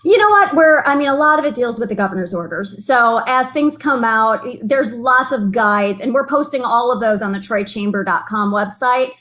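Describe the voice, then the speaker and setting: Animated and a bit bright, this woman's voice is on the high side. She's a chamber of commerce president guesting on a video call, chatting casually in an interview with an upbeat, talkative manner and a quick laugh.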